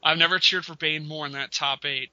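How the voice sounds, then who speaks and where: Guy hosting a gaming podcast, really bright voice, dry dull lo-fi sound. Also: a little high, a little fast, no room sound. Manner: animated, laughing, mimics other players' voices. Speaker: podcast host. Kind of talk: casual podcast chat about fighting games. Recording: dull lo-fi audio.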